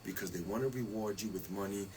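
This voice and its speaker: A man's voice: on the low side, fast, a little mellow, slight background noise, rough recording. A man as a radio guest, chatting casually about stress and wellness, laughing often and asking "you see?".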